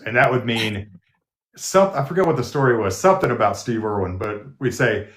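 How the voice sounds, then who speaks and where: A man's voice: mid-range voice, fairly quick, a bit bright. Rambling man in an echoey room. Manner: rambling storyteller with many restarts. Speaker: nurse guest. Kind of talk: casual live interview chat. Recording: roomy echo.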